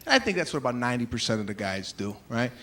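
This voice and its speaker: A male stand-up comedian telling stories in an animated, exasperated way, slipping into acted-out voices. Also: medium pitch, rapid-fire. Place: large theater with a live audience. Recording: live hall recording with crowd laughter.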